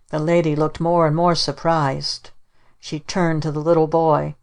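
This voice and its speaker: A woman narrating a children's storybook in a measured way. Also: low-pitched, little pitch movement, a little mellow. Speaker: audiobook narrator. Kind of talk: scripted narration.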